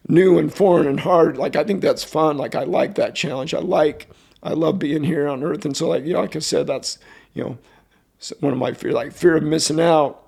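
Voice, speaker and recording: Earnest gravelly man, heartfelt. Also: fairly high pitch, darkish tone. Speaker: podcast guest, football coach. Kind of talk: candid emotional interview talk.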